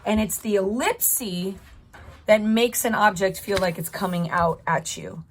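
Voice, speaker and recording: A woman's voice: mid-range voice, unhurried, a little hiss or hum. A woman art teacher narrating a drawing tutorial, chatty and encouraging, thinking aloud as she draws at her desk.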